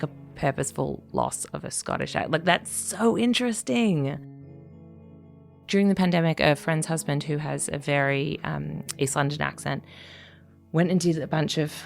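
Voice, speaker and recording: This Australian writer, now living in Scotland, chats reflectively in a casual interview, her voice low with a gravelly edge. She hesitates a lot, leaning on fillers, restarting her thoughts, and laughing often, while faint music plays underneath.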